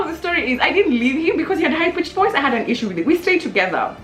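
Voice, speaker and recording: A young woman and channel host telling a funny story casually to camera, animated and lively, jumping into high exclamations. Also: rapid-fire, hardly any pauses. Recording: roomy echo with faint music.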